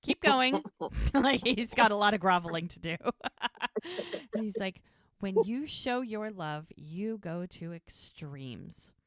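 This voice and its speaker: A woman's voice: mid-range voice, very animated, takes it slowly, no room sound, clean studio sound. A woman co-hosting a podcast, casually retelling a TV episode scene by scene, acting out the characters' lines and laughing often. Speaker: podcast co-host recapping a TV episode. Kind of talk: casual chat.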